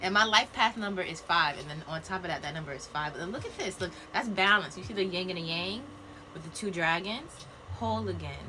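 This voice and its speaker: A chatty woman doing a live spiritual card reading over a phone, her voice bright and forward. She talks loosely and playfully to her viewers, laughing often, with a faint hiss of noise behind her. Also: on the low side, brisk. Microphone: phone live video.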